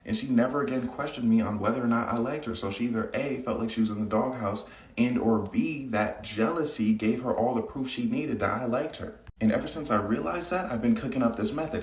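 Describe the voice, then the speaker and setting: A man's voice: mid-range voice, fairly quick, echoey room, recorded from a distance. A man delivering a casual advice monologue, cocky and conversational, telling stories from his own dating life.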